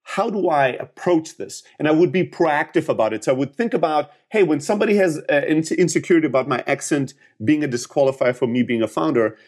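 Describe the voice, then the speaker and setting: Man, 30s, Greek accent, sales coach, emphatic, frequent restarts, slightly high voice. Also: quick pace, hardly any pauses, a little mellow. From Greece. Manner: emphatic, restarts often, acts out quoted dialogue. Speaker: sales coach and startup founder. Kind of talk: motivational business talk.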